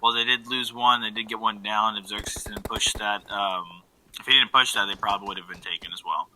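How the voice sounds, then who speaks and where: A man casting an online shooter match in a loose play-by-play style, often correcting himself mid-sentence. His voice sits fairly low yet sounds very bright and cutting. A faint hiss runs under the headset-style recording. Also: brisk, low-quality recording. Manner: relaxed play-by-play with frequent fillers and self-corrections. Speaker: esports caster. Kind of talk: live game commentary.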